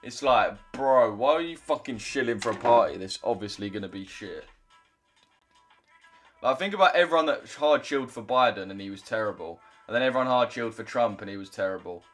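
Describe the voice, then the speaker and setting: A man's voice: medium pitch, animated, fairly quick, fairly bright tone, soft background music. A young man chatting casually on a trading livestream, loose and chatty, swearing now and then as he reads out chat.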